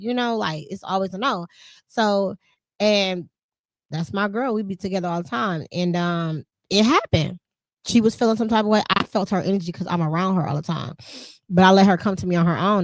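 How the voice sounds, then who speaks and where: Animated woman podcast host, dry close sound. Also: mid-range voice, no room sound. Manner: animated, emphatic, laughs often, speaks in vernacular. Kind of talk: casual conversational chat.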